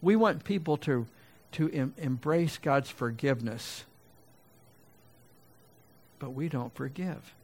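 A male pastor delivering a sermon, swinging between loud emphatic peaks and quiet low asides, with conversational restarts and remarks to the congregation. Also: slow, long pauses.

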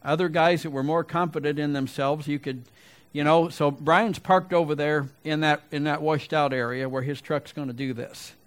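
A man's voice: a little high, fairly even intonation, moderate pace, hardly any pauses. A middle-aged man preaching a sermon, telling a folksy personal story and then asking rhetorical questions. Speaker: pastor.

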